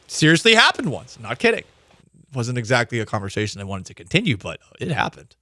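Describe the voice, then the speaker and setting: A man's voice: mid-range voice, huge pitch swings, a little fast, bright, forceful tone, no echo. A man hosting a sports talk show, telling rambling, self-mocking stories in casual chat. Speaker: sports podcast host.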